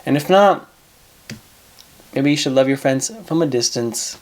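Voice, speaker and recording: A man's voice: medium pitch, measured pace. A man hosting an advice show, talking casually in a blunt, profane way and repeating himself for emphasis.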